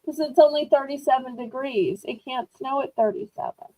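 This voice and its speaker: A woman hosting a live online auction from home, chatty and rambling, teasing herself as she pitches items. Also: moderate pace, mellow, no room sound, rough recording. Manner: bubbly, rambling, self-teasing. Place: indoors at home.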